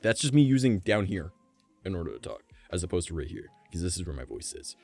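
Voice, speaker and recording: A man streaming from home, chatting casually with a gravelly, vibrating voice, rambling and swearing. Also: sits low, very animated, fast talker, darkish tone, faint music behind. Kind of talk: casual live-stream chat.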